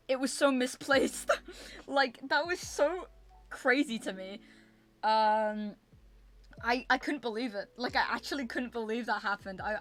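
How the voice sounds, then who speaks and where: A young woman streamer casually telling a story to her chat at a home setup, animated and repetitive, swearing freely. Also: fairly high pitch.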